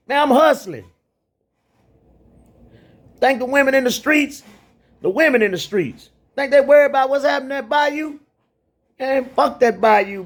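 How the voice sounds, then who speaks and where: A man delivers a heated, profane rant, circling back and repeating his points. His voice sits high for a man. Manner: rambling and repetitive, profane, heated. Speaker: commentator. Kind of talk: ranting commentary.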